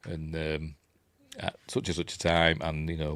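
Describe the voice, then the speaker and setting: A man's voice: very deep voice, completely flat delivery, unhurried, a bit bright, smooth, no room sound, studio quality. A man with a Yorkshire accent hosting a casual film breakdown, rambling and chuckling as he acts out the characters' lines. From Yorkshire, England. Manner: rambling and chatty, chuckling, acting out quoted lines in raised voices. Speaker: film review host.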